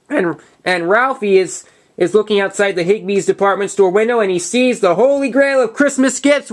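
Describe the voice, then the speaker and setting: A young man hosting his own movie review, retelling a plot in a casual, halting way full of restarts and false starts. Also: high voice, a bit bright.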